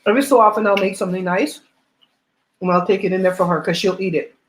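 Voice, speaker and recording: Woman host, chatty livestream storyteller, middle pitch, roomy laptop sound. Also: fairly even intonation, fast. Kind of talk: casual chat while eating on a livestream. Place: home. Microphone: laptop mic. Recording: roomy home room on laptop mic.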